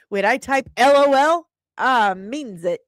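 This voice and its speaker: Slow-talking sarcastic woman host. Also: on the high side, animated, no echo, studio quality. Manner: opinionated, sarcastic, laughs often. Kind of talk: casual commentary.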